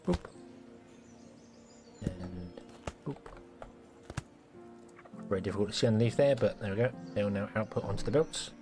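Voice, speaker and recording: A man's voice: lowish voice, normal speed, long pauses, music in the background. A man giving casual, self-mocking commentary while live-streaming a building game, playfully scolding the characters in it.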